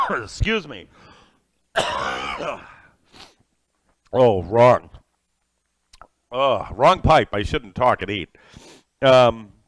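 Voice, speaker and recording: Excitable man chatting through a live cooking stream. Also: mid-range voice, no echo. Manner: excitable, talks with his mouth full, greets viewers by name. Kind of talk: casual live-stream chat while eating. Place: home kitchen.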